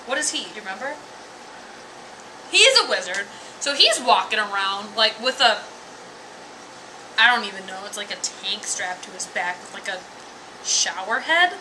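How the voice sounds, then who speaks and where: A woman's voice: mid-range voice, expressive, moderate pace, long pauses, sharp tone, a little hiss or hum, low-quality recording. A tipsy woman giving a rambling, giggly, profane comic review. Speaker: anime reviewer.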